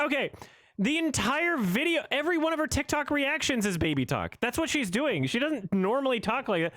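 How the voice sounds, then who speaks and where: A man's voice: very high-pitched, very animated, brisk, fairly bright tone, dry recording. Sarcastic man riffing, voice jumping around. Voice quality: sarcastic, exasperated. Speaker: streamer reacting to a video. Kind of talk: casual commentary.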